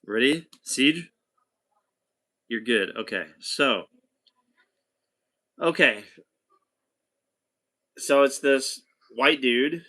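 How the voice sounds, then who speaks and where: Bright-voiced man rambling through a story. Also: medium pitch. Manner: rambling, chatty, with restarts and asides. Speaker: storyteller talking to a companion. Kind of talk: casual anecdote telling.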